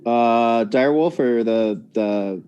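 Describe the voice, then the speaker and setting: A man's voice: mid-range voice, slow, dark tone, clean tone, dull audio. A man running a tabletop game as dungeon master, casual and joking, with lots of fillers. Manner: casual, joking, rules explanations with many fillers. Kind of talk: narrating a tabletop game over voice chat.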